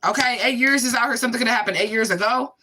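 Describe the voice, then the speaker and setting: Woman, spiritual card reading, blunt and cursing, bright tense voice, fairly high. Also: rapid-fire. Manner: blunt, profane, emphatic; repeats catchphrases for emphasis.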